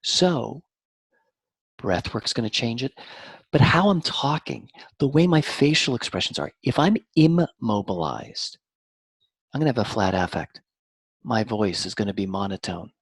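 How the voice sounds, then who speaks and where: A man speaking as a therapist guest, explaining in an animated, teacherly way and shifting his intonation on purpose. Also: medium pitch, unhurried, vocal fry, breathy edge, no echo. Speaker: mind-body therapist guest. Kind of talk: explanatory interview talk.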